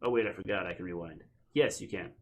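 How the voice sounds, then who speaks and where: A man's voice: deep voice, fast, a little hiss or hum. A man co-hosting a casual wrestling talk stream, joking and reading comments aloud. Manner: joking, rambling, reads chat aloud. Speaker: wrestling podcast co-host. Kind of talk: casual chat on a live stream.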